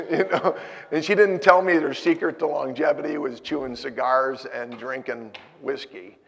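Slow, gravelly preacher in a reverberant hall. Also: male voice, medium pitch, slight background noise. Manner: storytelling, swinging from loud exhortation to hushed asides. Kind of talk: sermon.

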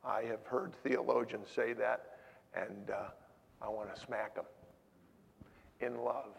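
Gravelly older male preacher in a hall. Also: mid-range voice, fairly even intonation, slow pace, slight background noise. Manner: emotional storytelling, swings from loud to hushed. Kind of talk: sermon. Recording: long hall reverb.

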